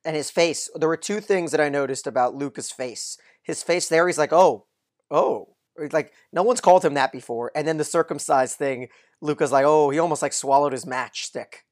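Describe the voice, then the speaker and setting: A man's voice: on the high side, fairly quick. Enthusiastic man gushing about a show. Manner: enthusiastic, swears casually. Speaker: podcast co-host. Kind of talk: casual recap chat.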